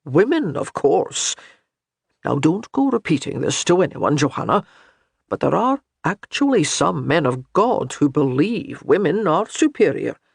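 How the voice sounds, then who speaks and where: A man reading as a kindly old Highland priest who reassures with light humor. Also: sing-song, unhurried, vocal fry, husky, dry recording, studio quality, exaggerated voice. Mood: reassuring.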